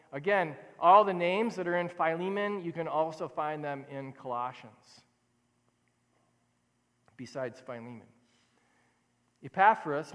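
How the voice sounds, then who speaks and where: Male pastor, high voice, chatty animated sermon delivery, reverberant sanctuary. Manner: conversational, animated, self-correcting. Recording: long hall reverb.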